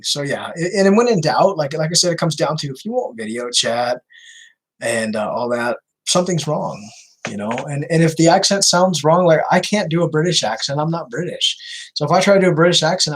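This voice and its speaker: Husky man, casual livestream q&a, chatty, lots of fillers. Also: mid-range voice, poor audio. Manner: chatty, repeats himself, many fillers. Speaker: scam baiter answering viewer questions.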